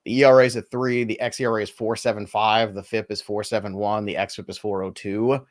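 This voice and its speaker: A man with a New York accent co-hosting a live sports podcast, talking fast and joking between stats. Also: fairly low pitch, little pitch movement. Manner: quick, joking, laughs often. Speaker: fantasy baseball co-host. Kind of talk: casual live podcast banter.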